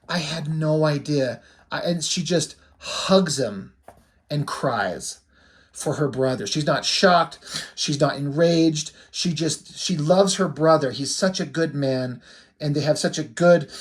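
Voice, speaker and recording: A man giving casual, candid commentary on his own comic pages, self-critical and swearing now and then. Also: a little high. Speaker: comic artist and channel host.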